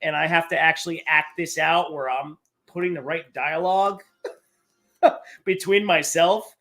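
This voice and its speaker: A man's voice: fairly high pitch, steady tone, unhurried, bright, forceful tone. Rambling man hosting a live stream. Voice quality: rambling, swears casually. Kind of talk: casual live-stream chat.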